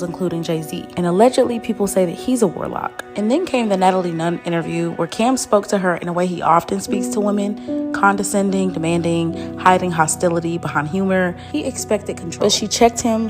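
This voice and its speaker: Female commentary narrator, insinuating storytelling, music under the voice. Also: mid-range voice. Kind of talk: scripted narration.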